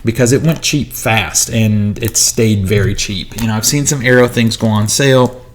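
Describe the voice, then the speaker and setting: A man's voice: on the low side, normal speed, a little hiss or hum. Chatty man rambling through a haul vlog. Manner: chatty, rambling, talks while unboxing. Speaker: movie collector vlogger. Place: small home studio.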